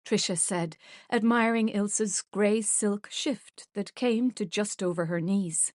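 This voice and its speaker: A woman narrating a romance audiobook in measured, even storytelling. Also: mid-range voice, dry recording, clean studio sound. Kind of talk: scripted narration.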